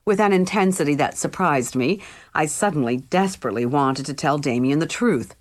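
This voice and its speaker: A woman's voice: low voice, lively intonation, moderate pace. A woman reading a first-person novel aloud as an audiobook narrator, in a wry, conversational storytelling manner.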